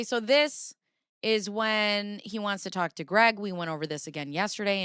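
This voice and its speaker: Brief: chatty streamer woman, crisp and bright, dry close sound, reads filings and laughs with chat. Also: mid-range voice, dry recording. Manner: giggly, chatty, talks to chat. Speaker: livestream host. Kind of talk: casual livestream commentary, reading documents aloud.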